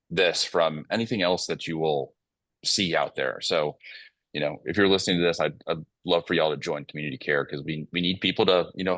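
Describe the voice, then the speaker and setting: Very deep male voice, dry sound, earnest storyteller, casual panel talk. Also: a bit bright, no room sound. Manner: earnest, storytelling, filler-heavy. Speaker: company CEO guest.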